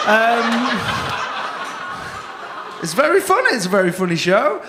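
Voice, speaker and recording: A man's voice: extremely high pitch, very animated, measured pace, long pauses, heavy background noise. A male comedy compere, doing brash, teasing crowd work full of swearing at a stand-up gig. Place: comedy club stage. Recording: echoey club room.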